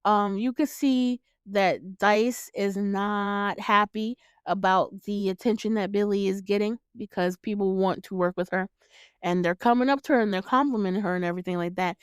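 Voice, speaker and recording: A woman's voice: medium pitch, moderate pace, clear, resonant tone, dry recording, clean studio sound. A woman hosting her own show, recapping a movie in casual chat, swearing freely, laughing often and acting out her reactions. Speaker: podcast host reviewing a film.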